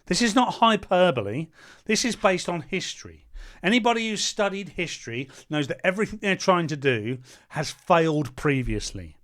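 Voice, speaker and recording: A man delivers a heated commentary in a high voice. He reads a point aloud, then tears into it with sarcasm and blunt insults. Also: animated, moderate pace, a bit bright. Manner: sarcastic, mocking, hurls insults. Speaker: political commentator. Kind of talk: ranting commentary.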